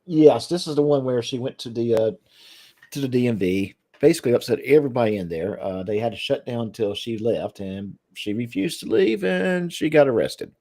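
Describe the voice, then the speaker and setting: A man's voice: mid-range voice, expressive, moderate pace, warm tone. A man joining a livestream as a guest, summing up events plainly with a few "uh"s. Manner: sums up events plainly, with "uh" fillers. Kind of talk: casual livestream chat.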